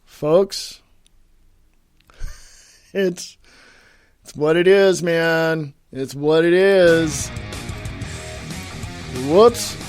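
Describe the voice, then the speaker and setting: A man's voice: on the high side, extremely slow, pauses often, soft background music. A man from California hosting a political talk radio show, ranting angrily and swearing. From California, USA. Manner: angry, shouting, profane.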